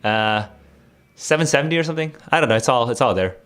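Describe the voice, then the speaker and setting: A man's voice: mid-range voice, lively intonation, fast talker, a bit bright, clear, resonant tone. Rambling young man quizzing his chat. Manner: rambling, many fillers and restarts, quizzes chat. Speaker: streamer and test tutor. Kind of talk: casual livestream chat and vocabulary quiz.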